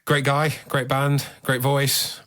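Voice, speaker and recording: A man's voice: mid-range voice, monotone, takes it slowly, fairly bright tone. A man co-hosting a music podcast, easygoing, good-humoured and apologetic. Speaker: podcast co-host. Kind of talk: casual chat.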